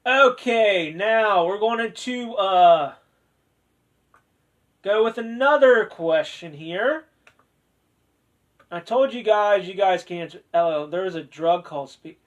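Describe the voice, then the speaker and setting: A man with a high-pitched voice hosts a laid-back discussion. He talks in a chatty, joking way, with playful sarcasm. He turns sincere and sentimental when speaking of family. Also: takes it slowly, pauses often. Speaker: host of a discussion video. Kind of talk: casual chat.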